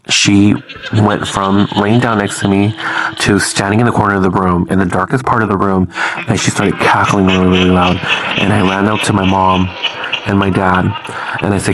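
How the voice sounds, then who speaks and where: Man, very low and flat voice, for casual scary story time with swearing and fillers. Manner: loose, swears, lots of "like" fillers.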